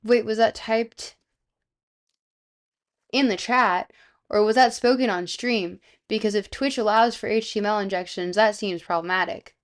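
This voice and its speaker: A woman's voice: mid-range voice, fairly even intonation, fairly quick, hardly any pauses, lightly acted. A woman putting on a mock Canadian accent. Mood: mock-earnest. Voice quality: vocal fry. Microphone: streaming microphone.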